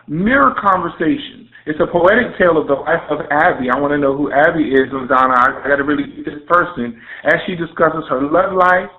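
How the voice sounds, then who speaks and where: A man's voice: fairly high pitch, a little fast, hardly any pauses. Effusive Southern man hosting radio. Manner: effusive, playful hype with Southern slang. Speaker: radio show host. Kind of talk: online radio interview introduction. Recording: tinny phone-line audio.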